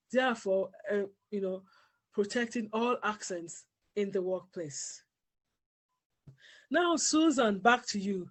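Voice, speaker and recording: A host opening an interview series, speaking in a formal, measured way with some fillers. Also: male voice, sits high. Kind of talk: scripted interview introduction.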